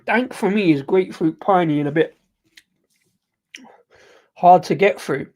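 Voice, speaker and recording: A man's voice: sits high, measured pace, a little mellow. A man hosting a casual live beer review, rambling and hesitant with lots of ums and restarts as he sips the beer while he talks. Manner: rambling, hesitant, full of ums and self-corrections; sipping and tasting beer while talking.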